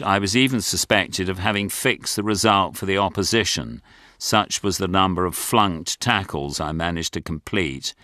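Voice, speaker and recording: Older man, low and bright, dry wit, lively delivery; close dry studio read. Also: no echo. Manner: dry, wry, self-mocking. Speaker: author and narrator. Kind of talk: audiobook memoir narration.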